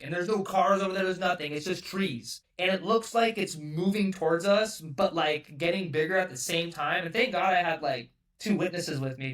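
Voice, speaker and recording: A man's voice: a little high, fairly bright tone, recorded from a distance. A man from California telling a story as a podcast guest, loose and rambling, swearing often and filling every gap with "like". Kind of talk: casual storytelling.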